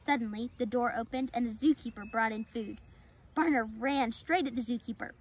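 A woman reads a children's animal story aloud in a clear, steady way. Her voice sits a little on the high side. She keeps an even storytelling flow. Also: moderate pace, low-quality recording. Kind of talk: storybook read-aloud narration.

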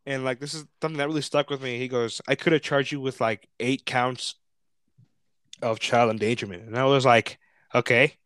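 A man's voice: medium pitch, fairly even intonation, a little fast, fairly bright tone, smooth, no room sound, clean studio sound. A young man telling a story in casual chat, swearing often, laughing, and acting out what others said. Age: young adult.

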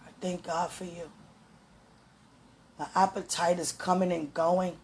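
A woman giving a fervent, emotional prayer and encouragement talk in a gravelly, sometimes hoarse voice, recorded at home. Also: lowish voice, level tone, measured pace, darkish tone, slight background noise. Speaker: spiritual vlogger.

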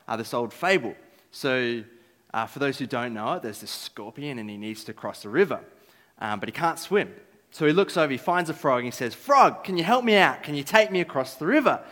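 A man's voice: mid-range voice, expressive, moderate pace, fairly bright tone. A man giving a casual, filler-filled talk about trust at a church gathering. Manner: casual, chatty with many fillers. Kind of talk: sermon-style talk. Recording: echoey hall.

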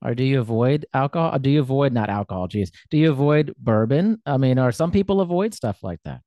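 A man's voice: mid-range voice, animated, fairly quick, dark tone, dry recording, studio quality. A man hosting a casual interview, chatty and self-deprecating, with lots of fillers. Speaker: podcast host.

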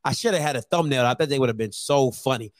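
A man hosting opinionated sports commentary, blunt, joking and repetitive in an animated way. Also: mid-range voice, fast, no echo, clean studio sound.

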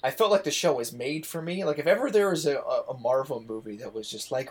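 A man's voice: mid-range voice, fast, hardly any pauses, slight background noise. A man hosting a casual podcast chat, talking enthusiastically and rambling with lots of asides. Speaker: podcast host.

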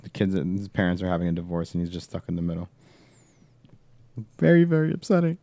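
A man's voice: sits low, little pitch movement, rapid-fire, dark tone, no room sound. A man hosting a casual chat, rambling and filling his talk with "like". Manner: rambling, fills speech with "like".

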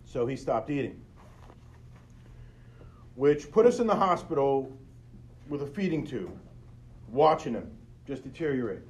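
A man's voice: medium pitch, lively intonation, measured pace, long pauses, darkish tone. A middle-aged man hosting a podcast, telling a personal story in an earnest, conversational way and speaking straight to his listeners. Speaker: podcast host.

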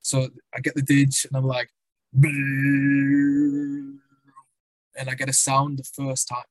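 A young man with a North East English accent tells rambling stories in a relaxed guest chat, swearing casually. His pitch stays flat and even as he talks. The recording is dry and close, with no room sound. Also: fairly quick, no echo, rough recording. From Sunderland, North East England. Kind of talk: casual conversation.

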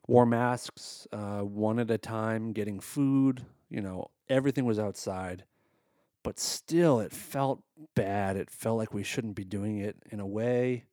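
A man's voice: on the low side, fairly even intonation, a little slow, mellow, dry recording, studio quality. A married man hosting a comedy podcast, talking in a casual monologue that is exasperated, sarcastic and full of swearing. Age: adult, married.

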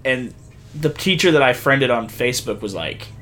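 A young man in casual chat, telling animated stories, swearing freely and laughing often. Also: mid-range voice, normal speed, faint music behind.

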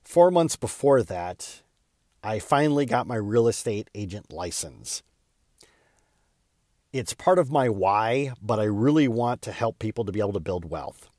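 A man's voice: lowish voice, animated, unhurried, a little mellow, no room sound, clean studio sound. A man hosting his own podcast, telling a personal story in an earnest, candid way with small stumbles and repeats. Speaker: podcast host.

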